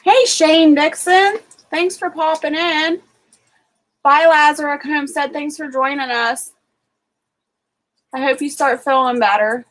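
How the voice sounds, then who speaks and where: A woman's voice: high-pitched, fairly even intonation, a little slow, long pauses, a bit bright, rough recording. A woman with an Ohio accent hosting a casual livestream, rambling about her day with lots of fillers and greeting viewers by name. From Ohio, USA. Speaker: homesteading livestream host.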